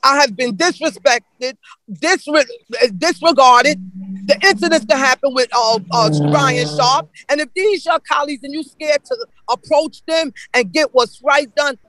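High-voiced man giving fiery public comment. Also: unhurried, bright, forceful tone, no echo, rough recording. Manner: emotional, accusatory, repeating his points.

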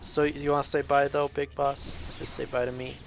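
A man's voice: mid-range voice, creaky, slight background noise. A man hosting a multiplayer let's play, chatting casually and exclaiming and laughing often as he plays. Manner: excitable, quick to exclaim and laugh. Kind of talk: casual gameplay commentary.

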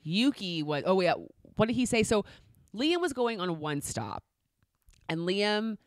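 A woman co-hosting a podcast in easy, chatty back-and-forth, full of fillers and quick restarts. Her voice sits in a middle register and sounds close and dry, with no room around it. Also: mid-range voice, animated, dry recording. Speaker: podcast co-host. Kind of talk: casual chat recap.

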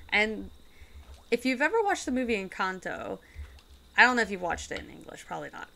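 A woman's voice: mid-range voice, bright, forceful tone. A woman streamer chatting casually while she plays a game, rambling and giggling as she goes. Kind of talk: casual gaming chat.

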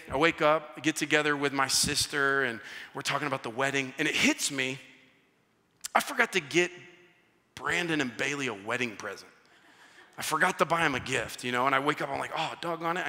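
A male pastor preaching a sermon, telling stories with animated back-and-forth dialogue. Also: medium pitch. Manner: animated storytelling, acting out dialogue. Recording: church hall reverb.

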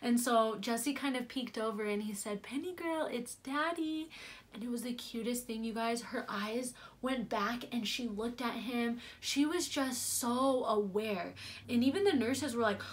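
A woman's voice: a little high, moderate pace. A young woman telling her birth story to her viewers in a chatty, gushing way, full of fillers and talking straight to "you guys.". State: near tears at moments. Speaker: vlogger. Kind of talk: casual birth story vlog.

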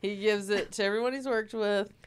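A woman co-hosting a podcast in casual chat, telling stories in an animated way and laughing often. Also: mid-range voice, fairly quick, smooth. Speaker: podcast co-host.

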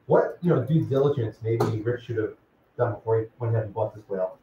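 A man's voice: lowish voice, a little fast, noisy background. A man teaching a law class, casually calling on students by name and asking them questions. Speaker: law professor. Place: lecture classroom. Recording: distant, echoey, dull classroom recording.

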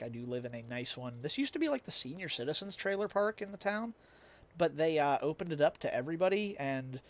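A young man streaming a game, chatting casually with his chat in a rambling, self-mocking way and laughing easily. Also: on the high side. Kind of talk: casual chat while gaming and reading chat.

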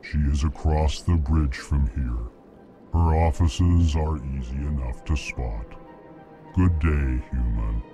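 An actor playing a formal alien male ambassador who speaks flatly and names his own feelings, from a game. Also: a bass voice. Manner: flat, slow, announces his emotions. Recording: game audio over music.

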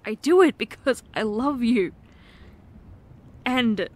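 A woman in a whispered role-play as a girlfriend, talking softly and earnestly, swinging between hushed pleading and sharp, swearing exasperation. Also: fairly high pitch, normal speed, slight background noise. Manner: swears when frustrated. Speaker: ASMR role-play performer.

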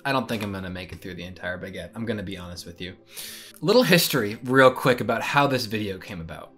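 A man's voice: lowish voice, expressive, fast talker, a bit bright, soft background music. A young man and student rambling casually to camera in a vlog, self-deprecating and chatty. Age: young adult. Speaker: vlogger.

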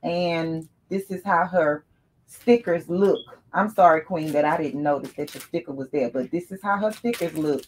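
A woman chatting casually to her viewers as she unboxes gifts, calling them y'all and breaking into excited exclamations. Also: low voice, normal speed.

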